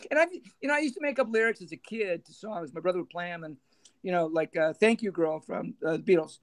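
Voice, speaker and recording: A middle-aged man, a former band manager, telling lively anecdotes in a casual interview and laughing as he goes. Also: sits high, quick pace. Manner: animated anecdotes, laughing, acting out others' voices.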